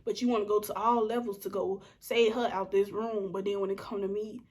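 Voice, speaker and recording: A young woman telling a storytime vlog, animated and acting out what people said, sometimes dropping to a whisper. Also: mid-range voice, a little fast. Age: young adult. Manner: animated, acts out quotes, slips into whispers. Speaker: vlogger.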